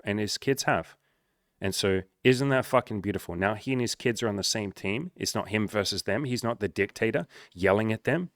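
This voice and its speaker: Blunt, profane low-voiced male coach. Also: fairly quick, dry recording, studio quality. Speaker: dating coach. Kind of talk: casual monologue reading client messages.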